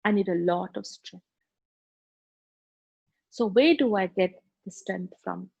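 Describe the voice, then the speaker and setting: A woman with an Indian English accent, teaching a spiritual meditation course and telling stories in a conversational, animated way. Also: mid-range voice, takes it slowly, vocal fry, slightly rough, dry recording, rough recording. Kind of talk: spiritual course talk with anecdotes.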